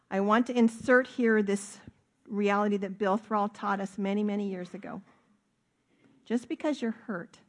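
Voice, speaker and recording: A middle-aged woman preaches from the pulpit in an earnest, emphatic way. She leans on key words and draws them out slowly, then lets her voice drop low and quiet for the tender points. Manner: earnest, emphatic, with drawn-out stresses. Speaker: pastor. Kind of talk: sermon.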